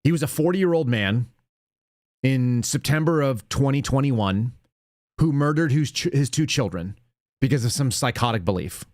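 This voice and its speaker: A man hosting a live commentary show, blunt and openly indignant as he rambles through his points. His voice sits at an ordinary middle pitch and sounds dry and close, with no room echo. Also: animated, normal speed, darkish tone. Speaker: show host.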